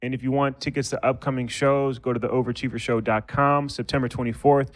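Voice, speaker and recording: A man's voice: mid-range voice, flat delivery, fast. Laid-back young man, slangy banter. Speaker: podcast host and stand-up comedian. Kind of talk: casual podcast chat.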